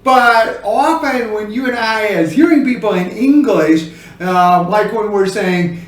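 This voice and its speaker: A higher-voiced middle-aged man talks through sign language lessons in slow, unhurried stretches, then bursts out loudly as he acts out examples. He sounds set back from the mic, in a room that rings with echo. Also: recorded from a distance. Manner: animated, acts out examples with sudden loud bursts. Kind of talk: casual teaching talk.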